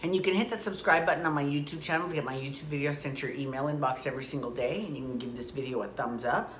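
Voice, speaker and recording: A woman's voice: low-pitched, fast talker, reverberant, slight background noise. A woman recapping a soap opera in a chatty, rambling way, tossing out rhetorical questions and side comments. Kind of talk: casual rambling recap monologue.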